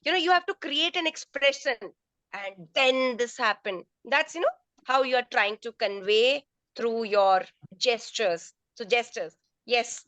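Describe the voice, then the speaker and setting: Her fairly high, slightly bright voice comes a little slowly through a video call, with no echo and poor audio. She's a teacher trainer serving as resource person in online training, fielding teachers' questions with step-by-step explanations and frequent restarted phrases.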